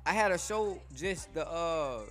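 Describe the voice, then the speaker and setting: A man with a somewhat high voice speaks as a rapper guest in a relaxed interview, rambling and tripping over his words as he repeats himself. Faint music plays in the background. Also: unhurried. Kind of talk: casual interview talk.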